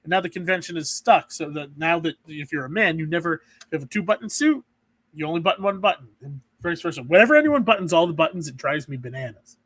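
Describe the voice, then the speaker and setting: High-voiced man rambling on a podcast. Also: expressive, fast, a bit bright, dry recording. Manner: rambling, restarts often. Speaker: podcast co-host. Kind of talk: casual chat.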